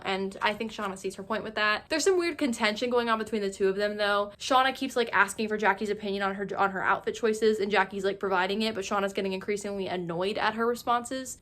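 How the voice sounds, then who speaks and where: A woman's voice: mid-range voice, a bit bright. A woman narrating a casual TV recap, chatty and full of fillers, acting out the characters' lines in a loose, conversational voice. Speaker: recap YouTuber.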